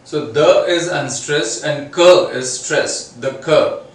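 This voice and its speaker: A man with an Indian English accent lecturing on poetry, slowly, with frequent pauses and fillers. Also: on the high side. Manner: slow, many pauses and fillers. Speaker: literature lecturer. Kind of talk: classroom lecture. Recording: roomy echo, a bit distant.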